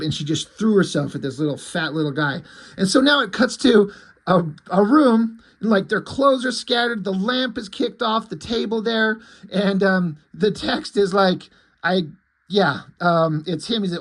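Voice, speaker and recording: Man, comic review vlog, rambling, profane, husky voice. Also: high-pitched, measured pace, a bit bright, rough recording.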